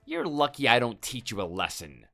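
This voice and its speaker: This is a man's text-to-speech voice acting out a hot-tempered adult husband who defensively brushes off his wife with angry, menacing dismissiveness. The exaggerated voice is mid-range, gravelly and sharp, with huge pitch swings and a moderate pace, while faint music plays behind.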